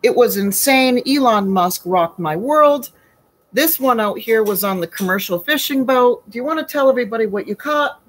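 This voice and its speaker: A woman's voice: fairly high pitch, expressive, normal speed, low-quality recording. A woman hosting a casual live baking stream from her home kitchen, chatty and folksy, greeting viewers by name.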